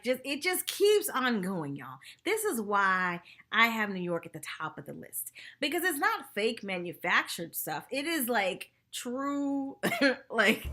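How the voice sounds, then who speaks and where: An excitable woman dishes on a reality show episode in a loose, gossipy vlog. Her voice sits a little high and sounds bright and tense. Her pitch swoops all over as she chatters. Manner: animated, chatty, says "y'all" and "like" often. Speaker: TV recap vlogger. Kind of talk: casual gossipy episode review.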